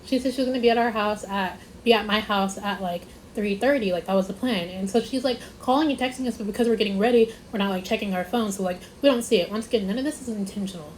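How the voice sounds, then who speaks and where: A woman's voice: mid-range voice, quick pace, hardly any pauses, darkish tone, slight background noise, poor audio. Rambling young woman telling a story. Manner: rambling, repeats herself, lots of "like"; emphatic, stressing points. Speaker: vlogger. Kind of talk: casual storytime.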